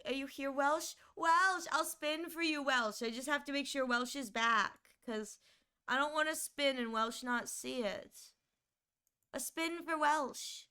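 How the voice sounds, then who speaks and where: A woman with a Northern US accent chatting casually on a live stream, bubbly and excitable, often laughing. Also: sits high, unhurried.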